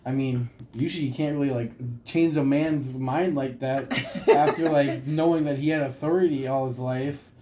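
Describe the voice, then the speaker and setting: A man's voice: mid-range voice, steady tone, normal speed, mellow, a little hiss or hum, poor audio. A young man interviewing on a casual podcast, talking hesitantly with many fillers. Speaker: student interviewer.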